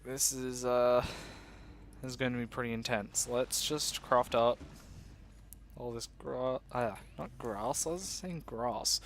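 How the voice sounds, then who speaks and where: A young man plays a survival game on his gaming channel, rambling and teasing himself while talking to viewers. His mid-range voice moves little in pitch and stays at a slow pace, over slight background noise.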